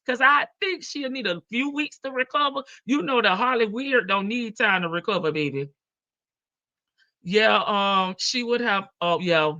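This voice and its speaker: A woman's voice: mid-range voice, measured pace, sharp tone, lo-fi sound. A woman hosting a livestream, chatting casually, greeting viewers by name and laughing often. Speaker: livestream host. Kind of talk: casual chat reading out live comments.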